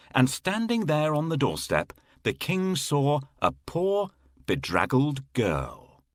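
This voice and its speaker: A man with a husky voice narrating a children's fairy tale in an expressive, drawn-out storytelling style. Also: medium pitch, no room sound, studio quality.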